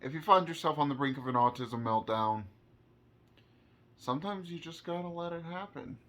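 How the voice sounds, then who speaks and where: A man talking earnestly from his own experience in a vlog, halting and repeating words as he searches for how to say things. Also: fairly high pitch, expressive, a bit bright. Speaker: vlogger. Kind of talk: personal explainer monologue.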